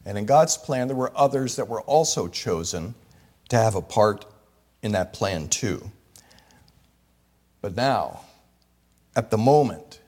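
Animated male pastor preaching a sermon. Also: medium pitch. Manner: animated, teaching, rising to emphatic peaks.

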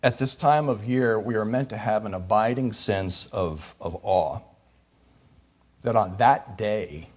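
A man's voice: lowish voice, slow pace. A man preaching a sermon as pastor. He teaches step by step and rises to emphatic peaks.

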